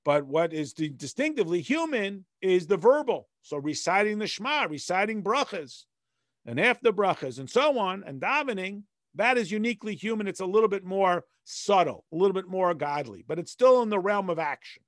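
A man's voice: high-pitched, expressive, moderate pace, no echo, studio quality. A man, a rabbi, leading a text study class. He reads passages in Hebrew and explains them in plain, conversational English with everyday analogies. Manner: conversational, patient teacher.

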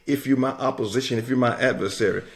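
A man preaching a sermon with an emphatic, repetitive cadence and drawn-out declarations. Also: mid-range voice, heavy background noise.

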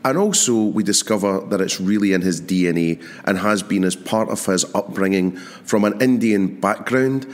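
Man, podcast host, low-pitched, chatty, enthusiastic, casual interview. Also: normal speed, hardly any pauses. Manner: chatty, enthusiastic, lots of fillers.

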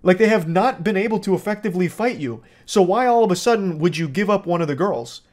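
Guy ranting about a bad movie, kinda high voice, lots of "like". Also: fast talker, darkish tone. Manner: sarcastic, rambling, many "like"s. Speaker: host. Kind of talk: movie review commentary.

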